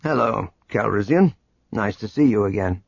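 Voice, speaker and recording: A man voicing a laid-back male smuggler who speaks in a relaxed, dry way. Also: fairly low pitch, normal speed, creaky, breathy edge, no room sound, lo-fi sound, full character voice. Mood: wry.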